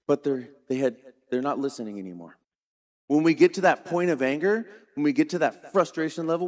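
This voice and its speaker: A middle-aged man preaching a sermon, retelling a scripture story dramatically and shifting between quiet and loud. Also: medium pitch. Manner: dramatic storytelling preacher, varies volume widely. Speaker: pastor.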